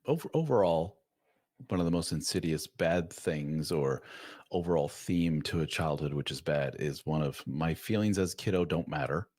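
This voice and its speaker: Deep-voiced man, reflective and measured. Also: animated, darkish tone, no room sound, clean studio sound. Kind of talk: casual podcast conversation.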